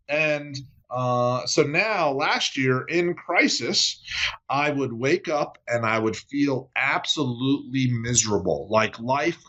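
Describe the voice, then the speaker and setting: An app founder appears as a podcast guest, his mid-range voice bright and forceful on a lo-fi recording. He shares personal stories candidly in conversational interview style, frequently checking in with "right?".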